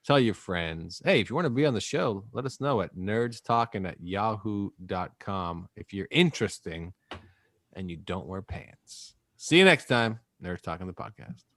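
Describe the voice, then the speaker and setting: A man's voice: lowish voice, lively intonation, normal speed, fairly bright tone, dry recording. A man hosting a podcast, chatting casually and joking as he wraps up the show. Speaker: podcast host. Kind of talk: casual chat.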